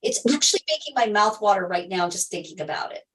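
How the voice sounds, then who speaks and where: A woman's voice: mid-range voice, lively intonation, fast talker, a bit bright, distant mic, rough recording. A middle-aged woman hosting a health livestream, telling a personal story to viewers in an emphatic way, repeating key phrases and laughing often.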